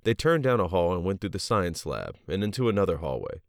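A man narrating a story in a steady, even audiobook reading. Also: low-pitched, a little fast, dry recording, studio quality.

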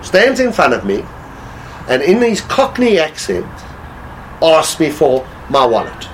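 Animated man telling a drinking story. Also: on the high side, measured pace, slight background noise, low-quality recording. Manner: animated storyteller, laughs while talking. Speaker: guest telling stories. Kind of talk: casual anecdote telling.

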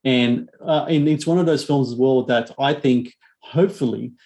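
A man's voice: mid-range voice, moderate pace, darkish tone. Rambling man chatting about horror films. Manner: rambling, many ums and restarts. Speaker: podcast co-host, horror film reviewer. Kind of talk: casual chat.

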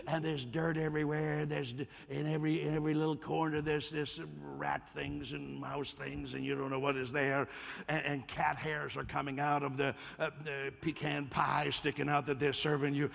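A man preaching a sermon as a pastor in a church, animated and playful, often calling on the congregation to answer him. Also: on the high side, vocal fry, long reverb tail. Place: church hall.

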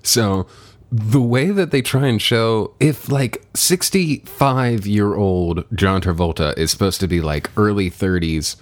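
A man co-hosting a podcast in casual chat, animated and swearing freely, often laughing. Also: fairly low pitch, a little slow. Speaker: podcast co-host.

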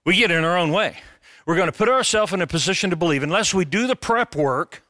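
A middle-aged man preaching a sermon as a pastor, animated and conversational, with jokes. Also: high-pitched, fast talker, no echo, clean studio sound.

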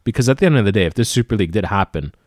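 Low-voiced man explaining football news. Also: expressive, no room sound, studio quality. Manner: explanatory, halting with fillers. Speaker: football podcast co-host. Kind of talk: casual podcast discussion.

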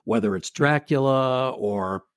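A male co-host with a mid-pitched, ordinary voice who chimes in with brief, friendly agreement in a casual podcast chat. The recording is dry and close. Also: unhurried, clear, resonant tone, no echo.

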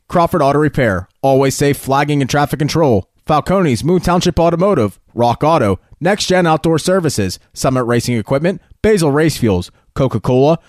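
A man's voice: on the high side, dry recording, studio quality. A man reading a scripted speedway announcement, steadily listing sponsor and champion names.

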